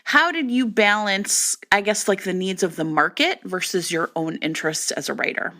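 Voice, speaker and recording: A woman's voice: medium pitch, moderate pace, bright, forceful tone. A woman hosting a podcast, asking chatty questions dotted with "like" fillers. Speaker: podcast host. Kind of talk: interview questions.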